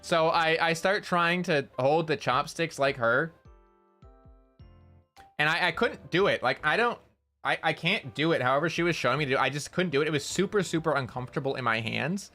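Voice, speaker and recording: Bright, animated streamer recounting an embarrassing tale, repeats lines, middling pitch. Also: moderate pace, soft background music. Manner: animated, repetitive, self-mocking storytelling. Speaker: VTuber streamer. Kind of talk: casual chat stream, storytelling.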